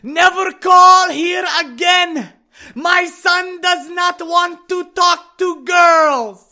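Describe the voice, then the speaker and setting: A man voicing a small, strict immigrant mother with an Arabic accent who shouts and scolds. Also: very high voice, fairly even intonation, drawn-out words, voice pushed up, heavily acted. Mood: scolding yell.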